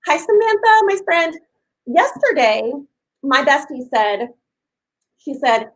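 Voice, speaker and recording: A woman in her fifties hosting a casual live stream, gushing and talking loudly to her viewers. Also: high voice, big pitch swings, takes it slowly, pauses often, low-quality recording. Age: 50s. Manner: effusive and gushing, talks loudly.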